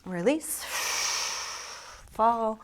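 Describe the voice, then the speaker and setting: A woman teaching a yoga class, giving calm, unhurried movement cues with soft asides, slightly out of breath. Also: a little high. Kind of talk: guided yoga class instruction.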